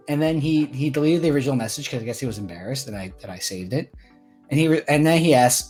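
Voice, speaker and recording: A man's voice: on the high side, quick pace, slightly rough, soft background music. Twenty-something guy ranting bluntly on a podcast, swears a lot, voice all over the place. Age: 20s. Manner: blunt, swears, animated storytelling. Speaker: podcast co-host. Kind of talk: casual chat.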